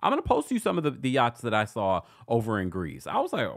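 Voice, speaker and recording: A man's voice: medium pitch, very animated, moderate pace. A man hosting a casual live-stream recap, reading viewer comments aloud and chatting with frequent laughs and asides. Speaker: recap show host reading live chat.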